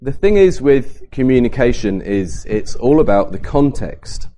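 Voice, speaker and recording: A man giving a Bible talk at a camp, lively and varying his pace and emphasis to make points. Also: mid-range voice, unhurried. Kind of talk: sermon to a youth camp.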